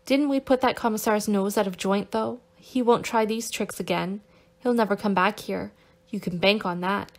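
A calm, confident young man speaks with quiet resolve and a teasing edge, as a woman voices him in an audiobook. His delivery stays level and assured rather than loud. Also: medium pitch, fairly quick, natural voice. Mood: excited, cheerful. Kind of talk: audiobook character reading.

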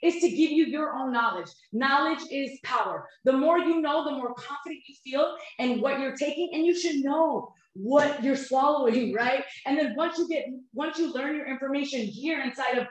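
A woman in her thirties, a nutrition coach giving an upbeat motivational webinar talk, often checking in with "you guys" and "right?". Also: high voice. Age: 30s. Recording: very echoey room.

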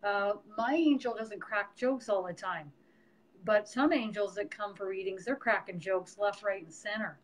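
A woman's voice: medium pitch, moderate pace, poor audio. A middle-aged woman, a medium, hosting a casual live stream and chatting about her work with many fillers. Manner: chatty, warm teaching with frequent fillers. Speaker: medium and host.

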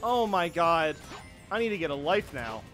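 An excitable young man talks through a video game with a high, bouncy voice that leaps all over the place. His tone is bright and sharp, and he breaks into yelps and laughs at the screen. Faint game music plays behind him. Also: moderate pace. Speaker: gaming YouTuber. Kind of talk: casual let's play commentary.

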